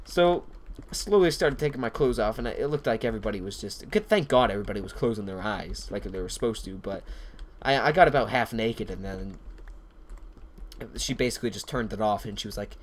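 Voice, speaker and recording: A man with a fairly low voice talks fast with lively intonation, casually commentating over his gameplay. It's a let's-play where he rambles off topic, tells stories, and swears a lot.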